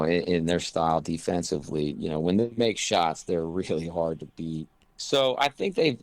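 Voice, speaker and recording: A man's voice: sits low, no echo. A man who coaches college basketball, talking casually in an interview and rambling with lots of "you know" fillers.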